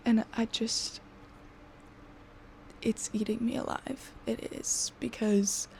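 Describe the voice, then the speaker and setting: Exhausted young woman with a creaky whisper. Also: fairly high pitch, darkish tone, a little hiss or hum. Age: 20s. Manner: frustrated, swearing, often dropping into a breathy whisper. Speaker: vlogger. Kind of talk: venting to camera.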